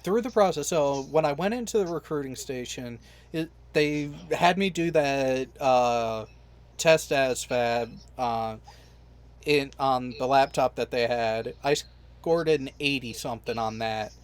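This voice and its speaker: A man hosting a casual panel of veterans, telling stories in a lively, swearing manner. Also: medium pitch, measured pace. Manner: animated storyteller, swears freely. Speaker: podcast host and veteran.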